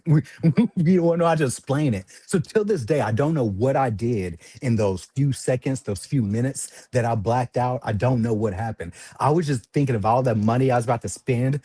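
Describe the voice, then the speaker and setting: A man hosting a livestream, casually telling a long story, animated, laughing often and jumping to high voices when quoting people. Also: slightly rough, dry recording.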